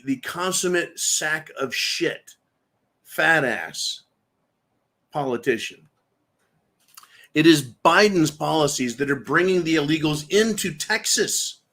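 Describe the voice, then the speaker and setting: A man's voice: on the high side, fairly bright tone. A man hosting a political livestream in a ranting, mocking way with crude insults. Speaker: livestream host.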